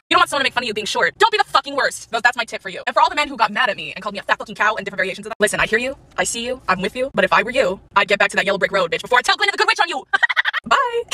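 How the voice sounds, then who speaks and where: Brief: woman creator, sassy profane roast-style rant, rapid delivery, audible background noise on the recording. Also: mid-range voice, sing-song, pushed and bright. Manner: brash, sassy, laughs often. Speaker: content creator. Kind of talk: profane comedic rant to camera.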